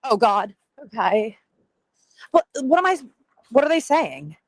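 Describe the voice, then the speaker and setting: Her pitch sits a little high and swings widely, and she speaks a bit slowly as she calls a live show from a rainy street. This contestant is self-conscious and hesitant, letting out nervous laughs, captured on a dry, low-quality recording.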